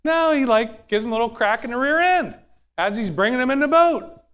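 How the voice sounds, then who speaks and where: A man preaches a conversational sermon, frequently pausing to put questions to the audience. His voice is high for a male and expressive, slightly bright, clear and resonant, moving between rapid asides and slow, heavy points.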